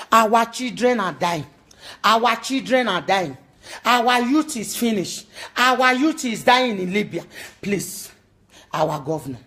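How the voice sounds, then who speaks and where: A woman with a Nigerian accent making an emotional, pleading appeal, repeating her entreaties and now and then slipping into a sung chant. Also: fairly high pitch.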